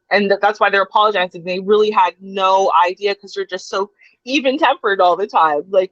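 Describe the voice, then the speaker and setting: A woman's voice: medium pitch, dry recording, lo-fi sound. A woman co-hosting a livestream, chatty, filling her talk with "like" and "right?". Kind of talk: casual chat.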